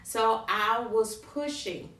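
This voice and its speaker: A middle-aged woman vlogger, an animated storyteller speaking straight to her viewers. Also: fairly high pitch, takes it slowly. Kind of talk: personal story time. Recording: roomy, from a distance.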